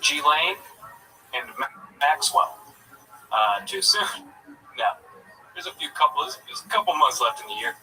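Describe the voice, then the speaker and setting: A man telling crude jokes in a halting, filler-heavy way, then bantering about himself. His voice sounds very bright and thin. He is picked up from a distance, with music faint in the background. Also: on the high side, big pitch swings. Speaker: stand-up comedian, guest. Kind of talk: stand-up set then casual banter.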